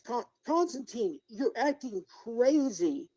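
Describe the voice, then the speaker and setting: A man's voice: sits high, lively intonation, moderate pace, warm tone, rough recording. A middle-aged man live-streaming as a YouTuber, ranting indignantly and talking straight to his viewers and chat. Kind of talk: unscripted livestream rant.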